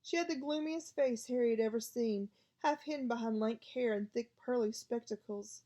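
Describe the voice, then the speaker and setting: A woman's voice: fairly high pitch, normal speed, few pauses. A woman narrating an audiobook, reading expressively. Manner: expressive, lively voices for each character. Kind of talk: storybook reading.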